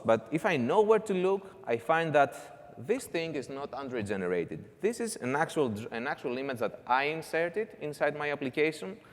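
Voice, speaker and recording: A man's voice: fairly high pitch, long reverb tail. A man giving a conference talk, walking through a live demo step by step with casual asides. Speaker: conference speaker. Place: conference hall.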